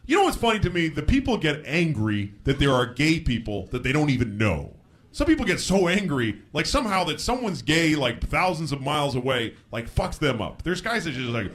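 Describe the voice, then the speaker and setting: A man doing a stand-up comedy routine on a stage before a live audience, telling frank stories and breaking into shouted impressions. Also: on the high side, big pitch swings, fairly quick, a little hiss or hum. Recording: live show with audience laughter. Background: audience laughter.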